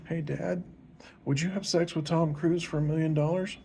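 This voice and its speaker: A man voicing a curious little schoolgirl, asking questions in a high, earnest tone. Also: fairly even intonation, normal speed, creaky, darkish tone.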